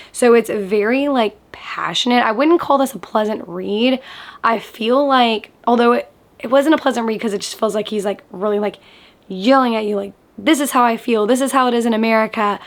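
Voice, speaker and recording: A woman's voice: on the high side, fairly bright tone. A young woman reviewing books in a casual vlog, enthusiastic and chatty, with lots of "like". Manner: enthusiastic, chatty, many "like" fillers. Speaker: book vlogger.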